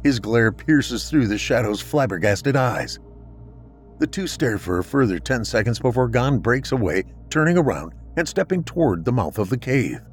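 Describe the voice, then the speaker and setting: A man narrating a scripted story in a dramatic, expressive reading. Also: medium pitch, normal speed, soft background music.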